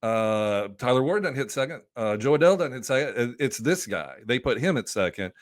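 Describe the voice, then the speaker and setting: A man's voice: mid-range voice, lively intonation, brisk, no room sound. Male podcast guest, enthusiastic rambling delivery, dry sound. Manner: loose and enthusiastic, many fillers and restarts. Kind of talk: casual podcast chat.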